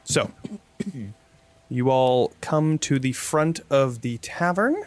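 A man narrating as game master in a tabletop game, in a relaxed, meandering way. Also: medium pitch, extremely slow, long pauses.

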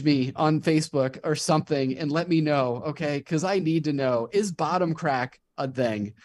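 A man's voice: fairly high pitch, normal speed, hardly any pauses. A man co-hosting a podcast, chatting casually about a TV episode and reading favorite quotes aloud with enthusiasm. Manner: enthusiastic, reads quotes aloud in animated voices. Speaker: podcast co-host.

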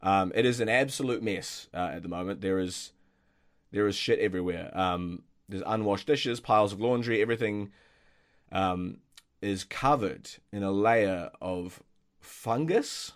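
A man's voice: lowish voice, measured pace. A man narrating a tabletop role-playing game as game master, with many ums and restarts. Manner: hesitant, many fillers and restarts.

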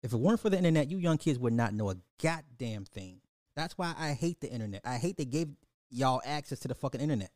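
A man hosting a podcast, ranting about social topics to his audience in a profane, animated way, often repeating and restarting words and laughing at his own points. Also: mid-range voice, fast talker, no echo, studio quality. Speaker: podcast host. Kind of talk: live-stream social commentary rant.

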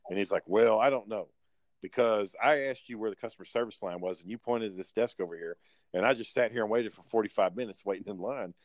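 A man's voice: fairly low pitch, fast, no echo. A man telling a blunt, profanity-laced story in casual chat.

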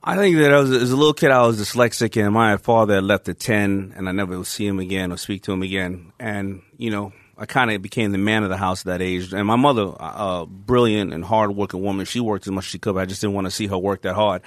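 A man telling stories as a podcast guest, lively and laughing, with casual swearing. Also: fairly low pitch, quick pace, few pauses, no echo, studio quality. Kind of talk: animated storytelling.

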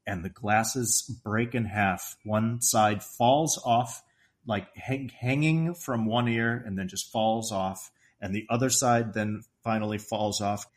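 A middle-aged man co-hosting a podcast, retelling movie scenes in an animated way and laughing often. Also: fairly low pitch, slow. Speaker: podcast co-host. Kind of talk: casual film discussion.

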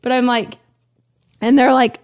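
A woman's voice: a little high, level tone, unhurried, clean tone. A woman in her thirties, an interview guest chatting casually, laughing often and using lots of "like" fillers. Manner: bubbly, laughing storyteller with many "like" fillers. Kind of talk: casual chat.

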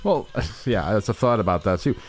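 A male podcast co-host rambling through stories in loose, jokey chat. His pitch swings widely as he talks, with faint music behind. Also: animated, moderate pace. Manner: rambling, jokey, jumps into silly voices. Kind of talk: casual comedic chat.

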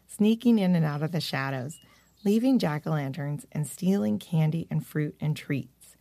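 Woman reading a kids' story, lowish voice with some fry, dry close sound. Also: mellow, no room sound. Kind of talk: storybook narration.

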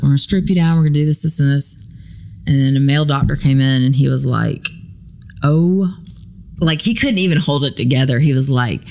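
A woman with a deep, bass voice and vocal fry is a guest on a podcast, casually telling a story. She animatedly acts out what people in it said, sprinkling in plenty of ums and likes.

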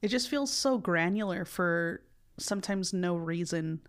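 In casual conversation, this American podcast co-host is a chatty woman with a low, expressive voice and a slightly slow pace. She rambles, cuts herself off, and uses lots of fillers.

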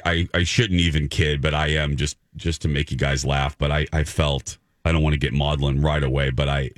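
A man's voice: a bass voice, no echo, clean studio sound. A man hosting a radio show, chatting casually in a rambling, self-mocking way with many restarts. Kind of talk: casual morning-show chat.

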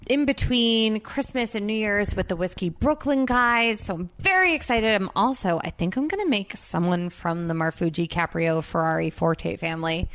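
A woman's voice: mid-range voice, a bit bright. A woman hosting a podcast in casual chat, upbeat and chatty with loose fillers. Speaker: podcast host.

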